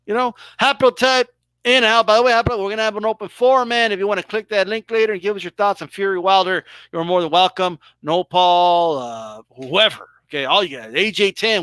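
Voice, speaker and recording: Sitting high in pitch, his voice is sharp-toned yet smooth as he hosts a live boxing talk stream, talking casually and emphatically with plenty of swearing and exaggerated mock reactions. The recording is dry.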